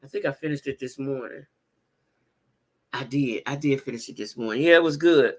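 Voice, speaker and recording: A woman hosting a casual livestream chat, talking to her viewers in a blunt, animated and profane way, with repeated exclamations. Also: rumbling low, moderate pace. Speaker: livestream host reading viewer comments.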